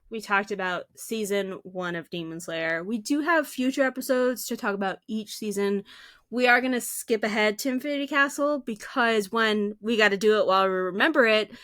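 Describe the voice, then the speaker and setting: A woman's voice: on the high side, no room sound, clean studio sound. A woman co-hosting a podcast in casual, chatty talk, filled with "like" and "um". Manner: chatty and animated, with many fillers. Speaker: podcast co-host.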